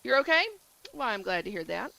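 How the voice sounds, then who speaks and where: A woman's voice: mid-range voice, big pitch swings, fairly quick, creaky, pushed and bright, poor audio. A woman from Georgia with a Southern accent, chatting casually on a game stream and greeting viewers by name. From Georgia, USA. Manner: upbeat, greets chat by name. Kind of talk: casual live-stream chat.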